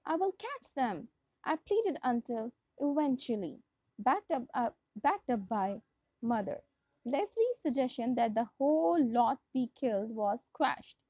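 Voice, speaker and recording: Reading a storybook aloud to her students, this young English teacher with a Pakistani English accent speaks in a slightly high, expressive voice at a somewhat slow pace, frequently backtracking to restart a phrase. The recording is dull, lo-fi, and dry, with no room sound.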